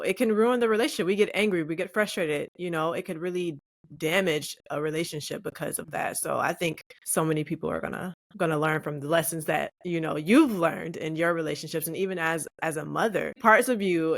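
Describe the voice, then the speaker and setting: A woman's voice: on the low side, a little fast, no room sound, clean studio sound. A woman hosting a faith podcast, talking casually and affirming her guest. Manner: warm affirming listener with soft reactions. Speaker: podcast host.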